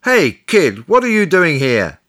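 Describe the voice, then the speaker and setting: A man reading a story aloud and voicing a brisk police officer in a slightly raised voice. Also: a little high, huge pitch swings, fairly bright tone, voice pushed up, heavily acted.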